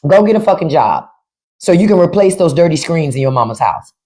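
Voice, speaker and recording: A livestream host's voice sits low and mellow, swinging widely in pitch as she talks a little fast. Unscripted and blunt, she swears at her viewers, repeats lines for emphasis, and turns sarcastic.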